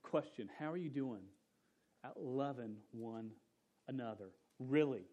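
A young adult man giving a casual sermon as a pastor, talking loosely with lots of "dude" and "man," and trailing off quietly at the ends of his points. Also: mid-range voice, a little slow, dull audio.

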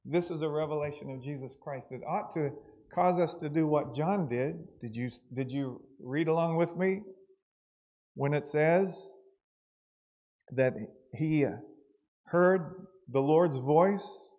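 A man preaching a sermon in church, earnest and repeating words for emphasis, swinging between soft and loud passages. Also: on the high side, slow pace, long pauses. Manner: earnest, repeats words, rises and falls in loudness.

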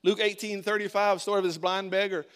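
A man's voice: sits high, flat delivery, a little fast, fairly bright tone, clear, resonant tone. A male pastor preaching a sermon, emphatic and direct, often repeating his phrases.

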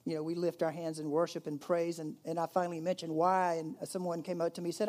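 A man preaching a sermon as pastor, conversational, swinging between emphatic rises and hushed, quiet moments. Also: a little high, flat delivery, quick pace, hardly any pauses.

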